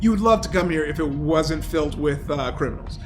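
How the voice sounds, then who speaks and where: A man's voice: a little high, brisk, faint music behind. A man narrating as game master, loose and rambling, with lots of fillers. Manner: loose, rambling narration with many fillers, breaking into loud voices for characters.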